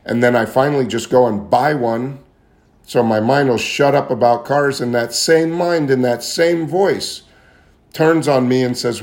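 A man's voice: mid-range voice, unhurried, a little mellow. A man telling his own recovery story in an earnest, confessional way, often repeating phrases as he searches for words. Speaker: speaker sharing recovery story. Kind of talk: personal testimony talk.

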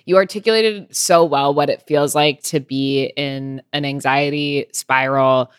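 A woman's voice: sits low, steady tone, unhurried, clean tone, dry recording, clean studio sound. A woman hosting a conversation, speaking in a thoughtful, affirming way. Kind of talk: reflective conversational chat.

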